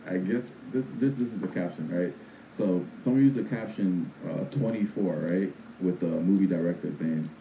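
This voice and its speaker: A man's voice: sits low, moderate pace, few pauses, warm tone, lo-fi sound. A man co-hosting a casual podcast chat, telling stories in a laid-back way. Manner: laid-back storytelling, reads sponsor spot. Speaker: podcast co-host. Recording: echoey room with background noise.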